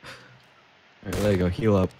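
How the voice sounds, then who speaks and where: A man's voice: sits low, little pitch movement, brisk, warm tone. A man chatting as a teammate during a game, sarcastic and profane. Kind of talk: casual gameplay chat.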